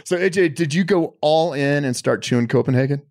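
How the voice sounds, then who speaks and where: A man hosting a podcast, asking easygoing questions and giving quick agreement in casual interview chat. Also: a little high, darkish tone. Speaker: podcast host.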